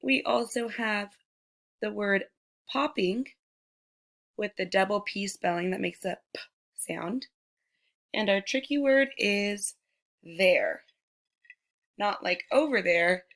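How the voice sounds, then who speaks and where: A woman teacher giving a recorded phonics lesson to young children, sounding out words slowly and speaking to them directly. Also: medium pitch, fairly bright tone. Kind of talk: slow, deliberate remote phonics lesson.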